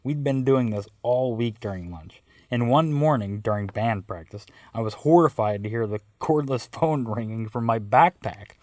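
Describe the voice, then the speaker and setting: A man's voice: medium pitch, moderate pace, hardly any pauses, a little mellow, no room sound. A man telling a first-person story with wry, self-mocking narration.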